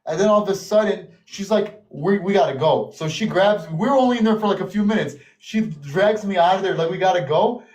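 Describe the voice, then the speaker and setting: An American man appearing as a podcast guest tells casual stories in a high-pitched voice, talking fairly fast with hardly any pauses. He's animated, acting out other people's lines as quotes. The mic is distant and the room echoes.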